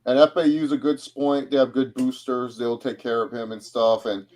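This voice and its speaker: A young man co-hosting a casual sports watch-along, loud and swearing as he heckles the players. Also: medium pitch, flat delivery, moderate pace. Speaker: co-host.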